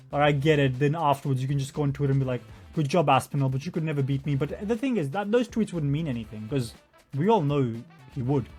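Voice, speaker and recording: A man's voice: mid-range voice, a little mellow. A man giving a profane, mocking commentary rant over interview clips. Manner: mocking, profane, does sarcastic impressions. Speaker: YouTube commentator.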